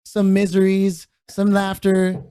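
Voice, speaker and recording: A man's voice: sits high, monotone, slow pace, warm tone, smooth. A man co-hosting a podcast, talking crudely and laughing hard in casual chat with friends. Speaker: podcast co-host.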